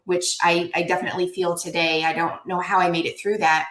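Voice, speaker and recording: A woman's voice: fairly low pitch, fairly even intonation, brisk, few pauses, fairly bright tone. Woman giving a heartfelt talk on a video call, emotional, echoey room. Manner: earnest, emotional, repeats words. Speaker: keynote speaker.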